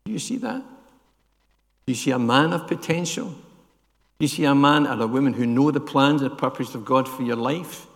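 An older man delivers a sermon in a church, his voice gravelly. He keeps turning to the congregation with questions and little "yeah?" checks. The sound carries a long reverb from the hall. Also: medium pitch, normal speed, fairly bright tone. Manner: asks the congregation questions, adds "yeah?" tags. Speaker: preacher.

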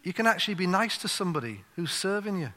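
Man, preacher, chatty sermon, bright voice, slightly high, long church reverb. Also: sing-song, fast. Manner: conversational storytelling with many "you know" fillers. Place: church hall. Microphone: wireless handheld or clip mic.

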